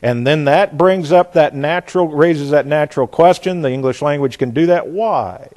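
A man preaching an expository sermon, hammering home key phrases by repeating them and dropping into quiet asides. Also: a little high, moderate pace.

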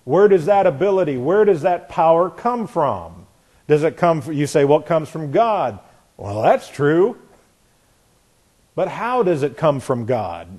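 Man, preacher, sermon, emphatic, repetitive, quiet asides, slightly high pitch. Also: very animated, unhurried, breathy edge. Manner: emphatic, repeats key phrases. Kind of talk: expository sermon.

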